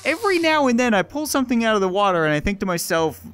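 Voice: medium pitch, very animated, racing, fairly bright tone, smooth, soft background music. A video game host giving casual, joking let's-play commentary while playing, chatting directly to viewers.

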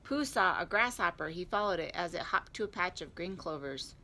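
Woman, library storytime reader, lowish voice, bright tone, expressive read-aloud. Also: fairly quick. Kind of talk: reading a picture book aloud.

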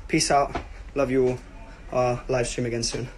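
A man's voice: mid-range voice, little pitch movement, normal speed. A young man chatting casually on a phone live stream while walking outside, scatterbrained and laughing at himself, out of breath. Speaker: livestreamer. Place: outdoors on a windy walk. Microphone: phone held while walking. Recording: loud wind noise on phone.

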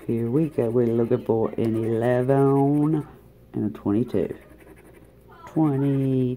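Low gravelly woman, drawling. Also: mellow. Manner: drawling, chatty, talks to viewers as "guys". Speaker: scratch-off lottery vlogger. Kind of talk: casual chat while scratching tickets. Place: hotel room.

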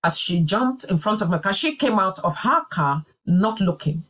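A woman's voice: mid-range voice, expressive, moderate pace, fairly bright tone, breathy edge. A woman telling a personal testimony in a sermon, in an earnest and emphatic way. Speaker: church speaker.

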